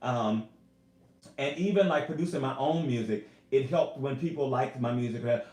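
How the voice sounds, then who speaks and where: This singer and YouTuber speaks in a mid-range voice at a normal pace, his live stream from home carrying an echoey room sound. Talking to viewers he addresses as "y'all," he comes across as animated, heartfelt and emotional.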